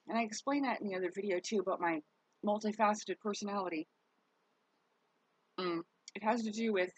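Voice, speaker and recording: Her mid-range voice is husky, recorded dry and with poor audio quality. Worn out and on the mend, this vlogger speaks frankly and rambles to her viewers, dropping the occasional curse.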